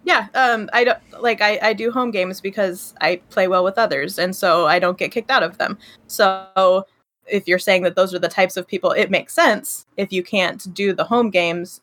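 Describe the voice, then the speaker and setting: A woman's voice: lowish voice, fairly bright tone. A woman co-hosting a casual podcast chat, explaining herself carefully with many fillers. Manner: hedging, clarifying, many likes and ums. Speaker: podcast co-host.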